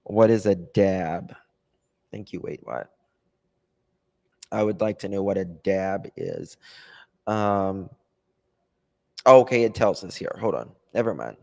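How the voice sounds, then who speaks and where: Slow, low-voiced man thinking aloud. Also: expressive, creaky, darkish tone. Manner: thinks aloud, reads and answers viewer comments; hesitant, with many ums and trailing pauses. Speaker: true crime channel host. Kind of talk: casual livestream chat about a case.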